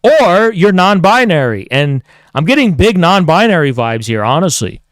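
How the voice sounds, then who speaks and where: A man's voice: high-pitched, sing-song, moderate pace, no room sound, studio quality. A man streaming heated commentary, sarcastic and profane, mocking the people he talks about.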